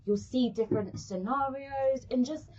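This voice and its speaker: A British woman chatting as an interview guest, her voice husky and a little breathy. She tells stories in an animated way, stopping and restarting as she goes. The audio is muffled and lo-fi. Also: high-pitched, moderate pace. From England. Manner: animated storyteller, many restarts. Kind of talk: casual interview chat.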